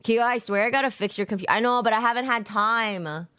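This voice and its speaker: A woman's voice: fairly high pitch, fast, bright, forceful tone, clear, resonant tone. A woman streamer chatting casually with her viewers after work, tired, loose and giggly, swearing freely and greeting chatters by name. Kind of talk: casual chat with live viewers.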